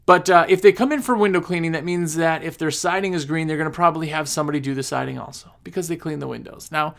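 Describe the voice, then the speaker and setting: A man's voice: a little high, quick pace, vocal fry, fairly bright tone. A man giving casual, rambling business advice, repeating himself and acting out his customers. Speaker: cleaning business coach. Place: recording on his phone.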